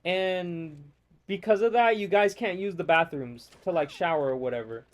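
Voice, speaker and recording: A man's voice: high voice, normal speed, highs cut off. Rambling, foul-mouthed man gaming. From United States. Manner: rambling, profane, ranting. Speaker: gamer. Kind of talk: casual gameplay chat.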